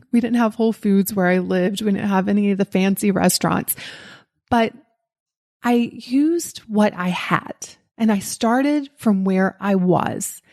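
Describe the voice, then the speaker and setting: Woman with a faint Southern US lilt. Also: medium pitch. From Southern United States. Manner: lively storytelling, acts out quoted voices. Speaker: podcast host and life coach. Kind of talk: motivational talk with personal story.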